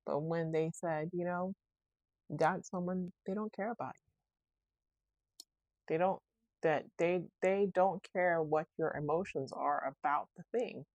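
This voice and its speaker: A woman hosts her own casual podcast, reflecting loosely on her week and often revising what she's saying mid-sentence. She speaks a little slowly in a lowish, slightly mellow voice, leaving long pauses, and there's no echo.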